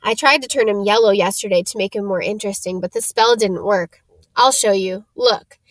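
A blunt young wizard boy chats in an offhand way, quick to sound disgusted, as a woman storyteller puts him on. The recording is close and dry. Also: medium pitch, dry recording, close to an everyday voice.

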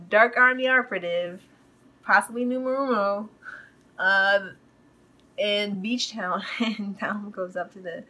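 A woman's voice: mid-range voice, pushed and bright, poor audio. A woman hosting a podcast, casually recapping a TV episode in a rambling way, full of fillers. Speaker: podcast host.

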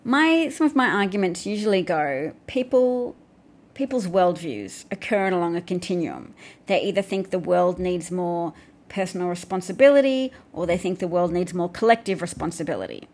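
An Australian woman with a fairly low voice talks on a live stream. She answers viewer comments in a loose, casual way and often restarts her sentences. She breaks in with dry little asides. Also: expressive, normal speed, a little mellow.

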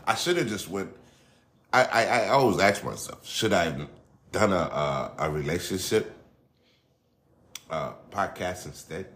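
A middle-aged man hosts his own podcast in a casual solo monologue, his voice low-pitched, animated and fairly bright. He talks a little slowly and pauses often, rambling loosely and profanely, restarting sentences and drifting into asides.

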